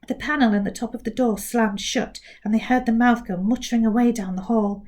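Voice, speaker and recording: A woman teacher reading a children's book aloud, slow and clear. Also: on the high side, fairly even intonation, darkish tone.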